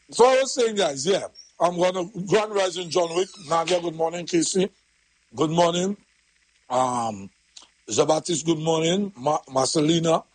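Husky morning host. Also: male voice, a little high, low-quality recording. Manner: chatty, laughs often, greets listeners by name. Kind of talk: casual live morning chat with sponsor shout-outs.

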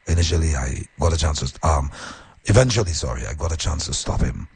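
A male radio host telling a story on air in an animated, earnest way and giving heartfelt, preacher-like advice to his listeners. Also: rumbling low, fairly quick, creaky, breathy edge.

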